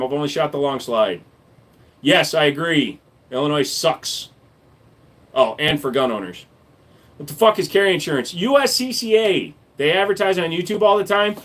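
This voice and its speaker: At a moderate pace, a man with a fairly high voice and lively intonation reads his livestream chat. He answers the comments with joking, blunt banter peppered with profanity.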